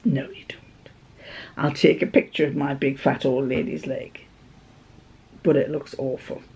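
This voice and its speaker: A woman's voice: very deep voice, flat delivery, moderate pace, gravelly, a little mellow, breathy edge. A British woman chatting to camera in a vlog, telling a rambling story and laughing often as she goes. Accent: British English. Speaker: craft vlogger. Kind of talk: casual anecdotal chat to camera.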